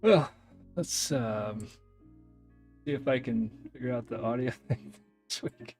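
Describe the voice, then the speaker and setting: A man's voice: mid-range voice, takes it slowly, a little mellow, faint music behind. A man hosting a casual technical live stream from home, talking hesitantly with many fillers and self-deprecating asides. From US East Coast.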